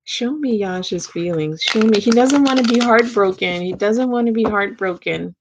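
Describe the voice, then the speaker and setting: A woman giving a casual tarot reading, talking slowly to her cards and thanking the angels. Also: mid-range voice, background noise. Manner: slow, drawn-out, talks to the cards and angels. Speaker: tarot reader.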